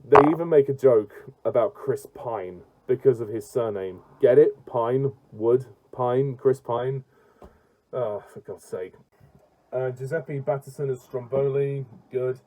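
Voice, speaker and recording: A man's voice: mid-range voice, measured pace, warm tone, rough recording. A man reviewing a film in a casual rant, blunt and exasperated, often stumbling and restarting his sentences.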